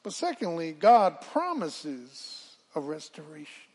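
An older woman preaching a sermon, telling folksy stories and calling out to the congregation, dropping to hushed asides and rising to shouts. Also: on the low side, very animated, measured pace, few pauses, breathy edge. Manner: dramatic swings from hushed asides to shouted exclamations; folksy storytelling with call-and-response to the congregation.

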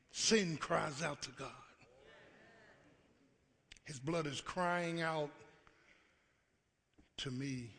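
A pastor preaching a call-and-response sermon, acting out God's voice and rising to shouts. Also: male voice, on the high side, extremely slow, creaky, pauses often. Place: church sanctuary. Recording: live church hall with long reverb.

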